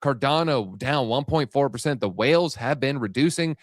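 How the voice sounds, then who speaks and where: A man's voice: mid-range voice, expressive, no room sound, clean studio sound. A man hosting a live crypto market show, hyped and a little out of breath, talking straight to his viewers. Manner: hyped, rapid-fire, addresses viewers directly. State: slightly out of breath. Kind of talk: energetic live-stream market commentary.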